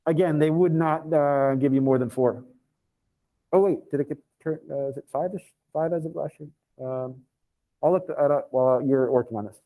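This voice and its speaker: A male physics teacher leading a live online class, thinking aloud and reading formulas out slowly, with casual asides. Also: fairly high pitch, dark tone, low-quality recording.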